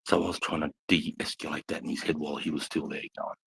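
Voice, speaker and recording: Gravelly deep-voiced Australian army veteran. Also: male voice, flat delivery, fast talker, a bit bright, slight background noise, poor audio. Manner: blunt, heavy swearing, intense. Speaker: army veteran telling war stories. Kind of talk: casual bar chat.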